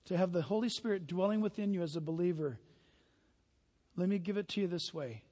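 A man preaching a sermon, animated and emphatic, building to loud peaks as he drives his points home. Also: high-pitched, fairly quick. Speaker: pastor. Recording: long hall reverb.

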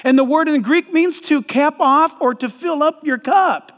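A middle-aged man preaching a sermon as pastor, animated and joking, acting out little voices. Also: very high-pitched, unhurried. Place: large church hall. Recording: long hall reverb.

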